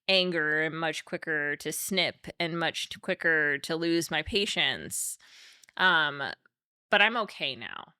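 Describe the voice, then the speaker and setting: A woman's voice: low-pitched, sharp tone, smooth, no echo, clean studio sound. A young adult woman, co-host of a mental health podcast, talking candidly and emotionally with many fillers. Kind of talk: candid conversational podcast talk.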